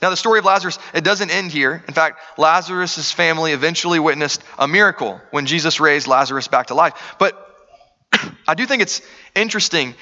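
A man's voice: on the high side, bright, forceful tone, long reverb tail, muffled recording. A man preaching a sermon, earnest and conversational, asking the room rhetorical questions. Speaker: pastor.

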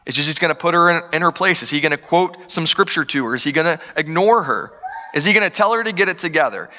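A man's voice: a little high, lively intonation, fast, bright, forceful tone, in a large hall, dull audio. A man preaching a sermon, earnest and conversational, asking the room rhetorical questions. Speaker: pastor.

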